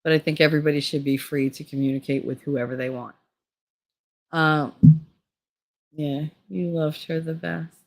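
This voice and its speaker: A woman's voice: sits low, fairly even intonation, moderate pace, long pauses. A middle-aged woman talking candidly in a casual, rambling monologue, laughing often and swearing freely. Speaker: vlogger.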